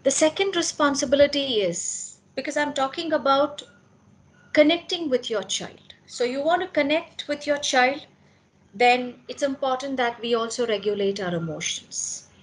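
A high-pitched woman delivers a parenting talk to parents at a school gathering, keeping a moderate pace. She comes across as earnest, raising questions she then answers on her own.

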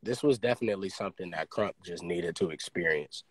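A man talking in a casual podcast chat, excitable and swearing freely, his pitch jumping high when he gets worked up. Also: brisk, slightly rough, dry recording. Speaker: podcast host.

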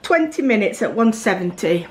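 A woman's voice: medium pitch, very animated, normal speed, crowd noise. A middle-aged woman with a South Yorkshire accent, chatting casually as she narrates her daughter's baking for a family vlog in a home kitchen. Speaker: mum filming a family vlog.

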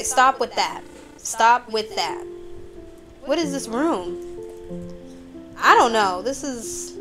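A woman playing a horror video game, chatting nervously to her viewers as she goes. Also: medium pitch. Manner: jittery, chatty, talks to viewers as y'all. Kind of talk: let's play commentary.

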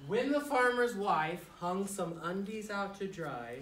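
A woman, a children's author, reads a rhyming picture book aloud to young children in a school, playful and animated, with joking asides to the kids. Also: mid-range voice, a little slow, a little hiss or hum. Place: school room full of first graders. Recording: echoey room, distant mic, loud children. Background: children chattering and laughing.

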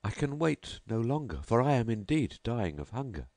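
A man's voice: medium pitch, big pitch swings, normal speed, a little mellow, dry recording, voice pushed up. A man playing a starving, meek beggar. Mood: humbly polite. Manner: meek, pleading. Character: starving poor beggar man, humbly polite.

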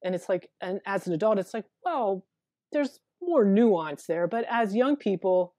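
A woman therapist in a casual interview, talking haltingly and repeating words as she thinks aloud. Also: medium pitch, animated, warm tone, no room sound, clean studio sound. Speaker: therapist guest.

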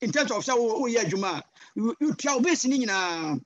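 A man with a Ghanaian accent preaching a sermon over a video call, passionate and switching between English and Twi with sudden loud cries. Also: very high voice, very animated, normal speed, dry recording, highs cut off. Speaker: guest pastor.

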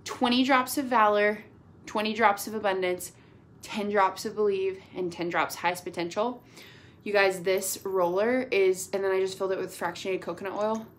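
A woman's voice: medium pitch, steady tone, normal speed, slight background noise. A woman giving an upbeat, gushing motivational talk to her team over a video call, full of "like" and "y'all".

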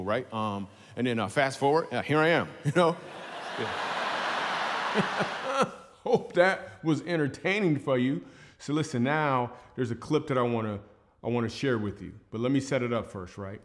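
Male comedian, mid-range voice, casual storyteller who drifts into earnest asides. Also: mid-range voice. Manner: loose, chatty storytelling with asides; turns quiet and earnest toward the end. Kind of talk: family-friendly stand-up at a church service.

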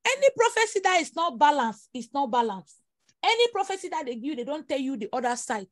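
A woman's voice: sits high, very animated, fast, no room sound, clean studio sound. A woman delivering prophecies in an emphatic, repetitive preaching style with dramatic exclamations. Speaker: prophetess leading prayer. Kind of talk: prophetic sermon over prayer call.

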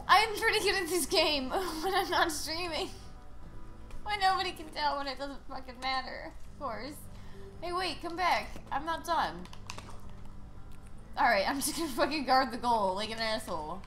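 A woman streaming a video game live, ranting sarcastically and swearing with loud frustrated outbursts. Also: high-pitched, animated, measured pace, pauses often, soft background music. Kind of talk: live gameplay commentary.

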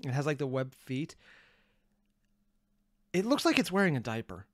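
A man hosting a reaction video, excitable and rambling, with self-deprecating asides, on a close mic. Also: medium pitch, moderate pace, dry recording. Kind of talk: reaction commentary.

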